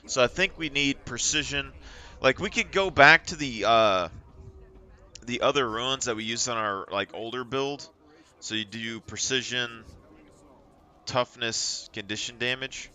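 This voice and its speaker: A man's voice: medium pitch, a little slow, bright, forceful tone. A young man streaming a game, chatting and rambling through stories as he plays. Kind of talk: casual chat while playing.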